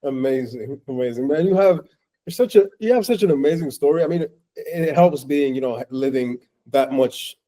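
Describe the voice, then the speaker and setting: A man's voice: mid-range voice, normal speed, dark tone, low-quality recording. A man hosting an interview, enthusiastic and teasing as he praises his guest and asks questions. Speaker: host.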